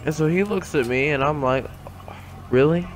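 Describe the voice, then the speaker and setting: A man's voice: a little high, fairly quick, faint music behind. A man telling a dramatic story in a casual, slangy way, with comic asides. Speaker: gaming YouTuber.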